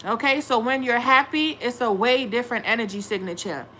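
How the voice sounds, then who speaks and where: A young woman hosts a tarot livestream, chatting casually and bluntly with viewers and cursing freely as she talks back to chat. Her voice is fairly high, brisk and sharp, with slight background noise.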